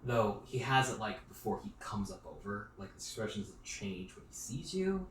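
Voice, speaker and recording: A man's voice: on the low side, big pitch swings, moderate pace, a bit bright. Rambling male game master in an echoey room. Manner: rambling, filler-heavy narration. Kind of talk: narrating a tabletop game. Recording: roomy echo, distant mic, faint noise.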